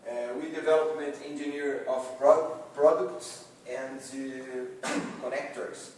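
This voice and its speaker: A man giving a practice presentation in halting speech, stopping often to search for words. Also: mid-range voice, steady tone, a little mellow. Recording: echoey room, far from the mic, faint noise.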